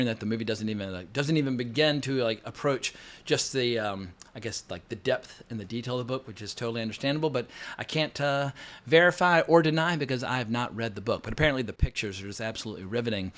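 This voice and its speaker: A man giving a casual, opinionated film review, blunt and quick to swear. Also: medium pitch, fairly bright tone. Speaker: film critic.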